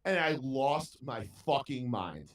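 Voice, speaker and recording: A man's voice: medium pitch, sing-song, takes it slowly. A man telling a story in casual podcast chat, ranting with heavy profanity. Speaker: podcast co-host. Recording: roomy sound from a distant mic.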